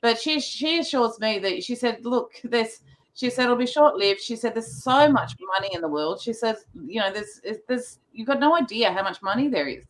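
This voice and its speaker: A woman speaking as a guest in a casual chat, pausing often to search for words. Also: on the high side, animated.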